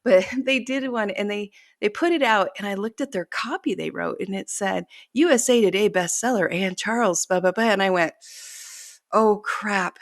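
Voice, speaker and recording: A woman's voice: medium pitch, moderate pace, hardly any pauses, no echo, studio quality. A middle-aged woman author telling stories in a casual interview, chatty and self-deprecating, laughing often. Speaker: author guest.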